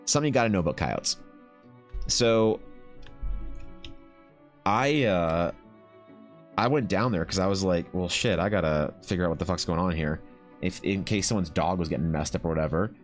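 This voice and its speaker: A young Canadian man with a deep, low voice rambles through a story for his live stream chat. He swears freely, restarts his sentences and leans on fillers, and faint music plays behind him. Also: normal speed, long pauses.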